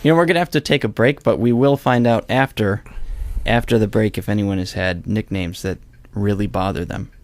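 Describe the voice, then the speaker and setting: A man's voice: lowish voice, a little fast, no echo. A young man hosting a podcast in casual chat, easygoing, laughing often and asking playful questions. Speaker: podcast host.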